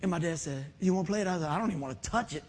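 This is a sermon told as a lengthy personal story by a middle-aged man from West Virginia, who plays each person's voice and lets out loud whoops now and then. He speaks very fast in a high voice, with slight background noise behind him.

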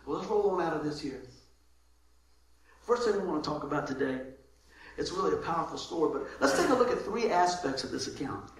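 A man preaching a sermon as pastor, lively, moving between loud calls and soft asides. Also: a little high, a little fast, pauses often. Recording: very echoey room with faint noise.

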